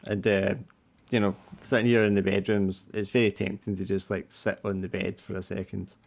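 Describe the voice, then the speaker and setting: A man with a low, gravelly voice narrates a tabletop horror game as game master. He describes scenes loosely and casually, padding with small fillers. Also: level tone, moderate pace.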